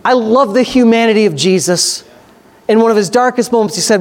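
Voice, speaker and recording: A male preacher with a high voice delivers a sermon, moving between slow scripture reading and loud, excited preaching as his energy rises.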